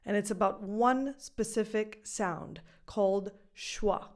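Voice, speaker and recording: A woman teaching a pronunciation lesson, repeating example words slowly to demonstrate sounds. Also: mid-range voice. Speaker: English pronunciation coach.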